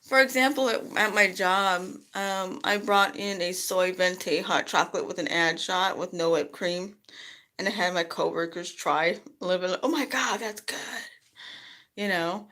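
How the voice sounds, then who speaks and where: Chatty woman vlogging, rambling. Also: normal speed. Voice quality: rambling, chatty, lots of "you know". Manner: animated, jumps high when quoting others. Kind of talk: casual talking-to-camera vlog.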